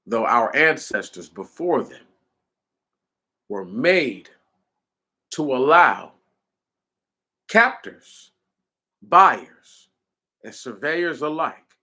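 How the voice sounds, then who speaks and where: A man's voice: medium pitch, animated, slow pace, long pauses, sharp tone. A man delivering an impassioned commentary, hammering his points with repeated rhetorical questions in a preaching cadence.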